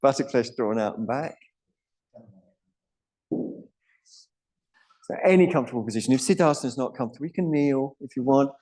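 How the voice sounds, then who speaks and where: A middle-aged man teaching a live yoga class, explaining breath and chanting practice in a calm, instructive way, with Sanskrit terms along the way. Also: mid-range voice, moderate pace, pauses often.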